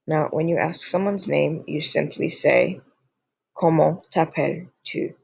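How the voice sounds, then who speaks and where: On a dry, muffled recording, a young man with a gravelly, slightly rough voice on the high side teaches beginners from slides. This language teacher is slow and patient, drilling every word through repetition.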